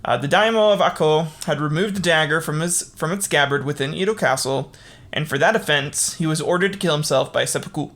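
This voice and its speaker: A man's voice: fairly high pitch, brisk, a bit bright. A man hosting a casual history podcast, reading the account with filler words and breaking off into profane, laughing asides. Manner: irreverent, profane, laughs at own jokes. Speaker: podcast host.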